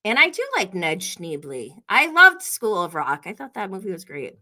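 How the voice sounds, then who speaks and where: A woman's voice: mid-range voice, sing-song, normal speed, pushed and bright. A woman hosting a podcast livestream, chatting casually and gossiping, laughing often as she tells stories. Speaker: podcast host.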